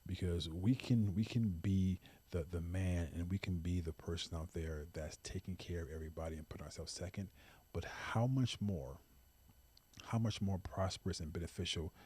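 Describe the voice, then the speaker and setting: A man's voice: low voice, a little mellow, husky. A man hosting a talk show, speaking in an earnest, impassioned monologue with repeated emphasis. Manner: impassioned, repetitive emphasis, pleading. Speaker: podcast host.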